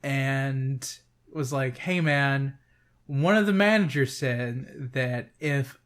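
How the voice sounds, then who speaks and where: A young man co-hosting a podcast, telling work stories in casual, profane, animated chat. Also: mid-range voice, slow pace. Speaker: podcast co-host.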